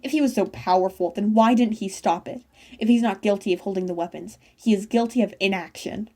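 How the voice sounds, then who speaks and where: A woman's voice: mid-range voice, a little fast, a little mellow, natural voice. A woman voicing a fierce, grieving young fox-like sister who speaks in an angry, accusing way, as in a storybook reading. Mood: furious.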